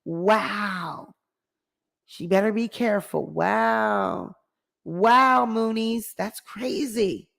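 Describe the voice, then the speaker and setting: A woman giving playful, animated celebrity gossip commentary. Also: medium pitch, drawn-out words, vocal fry.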